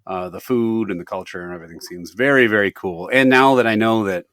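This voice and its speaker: A man's voice: lowish voice, brisk, fairly bright tone, no room sound, clean studio sound. A man co-hosting a podcast, joking in casual banter. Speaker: podcast co-host. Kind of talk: casual chat.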